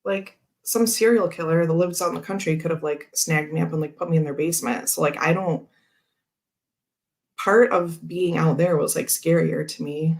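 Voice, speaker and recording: A woman's voice: low-pitched, normal speed, gravelly, a little mellow. A woman hosting a casual chat, telling a rambling story full of fillers and frequent laughs. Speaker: tarot channel host.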